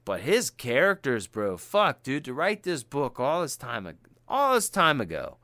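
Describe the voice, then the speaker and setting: A man's voice: mid-range voice, measured pace, dry recording. A man co-hosting a podcast, chatting casually and retelling a film with slang and profanity. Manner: animated and profane, slangy storytelling. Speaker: podcast co-host.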